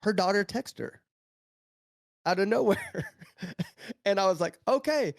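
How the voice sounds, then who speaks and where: A man's voice: high-pitched, measured pace, creaky, dry recording, studio quality. A man telling stories as a guest on a casual podcast, with many restarts. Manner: storytelling, animated, many restarts.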